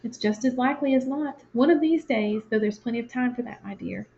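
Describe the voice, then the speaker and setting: A woman reading the part of a kind, gentle working father who speaks to his family tenderly and earnestly. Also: on the high side, fairly quick, vocal fry. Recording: lo-fi, dull sound.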